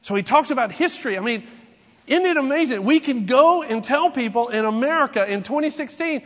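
A pastor preaching to his congregation in a high voice. He talks conversationally, full of rhetorical questions and acted-out exchanges. His words ring with a long reverb through a big church hall. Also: animated, fairly quick. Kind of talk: sermon. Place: church sanctuary.

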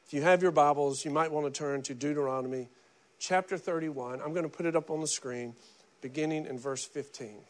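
A middle-aged man preaching a sermon in an animated, conversational way, often repeating words and acting out quoted voices. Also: fairly high pitch, a little fast. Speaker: pastor.

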